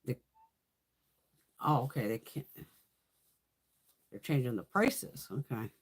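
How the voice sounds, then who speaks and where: Woman beauty creator on a live stream, lively pitch, rambling casual chat peppered with swearing. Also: slow, husky. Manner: reads and answers viewer comments.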